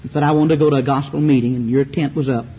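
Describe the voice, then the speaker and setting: In a rapid-fire, slightly rough mid-range voice with fairly even intonation, a Southern-accented man preaches a fiery sermon. He fills it with rhetorical questions and mocking asides. Muffled audio and faint background hiss mark the recording.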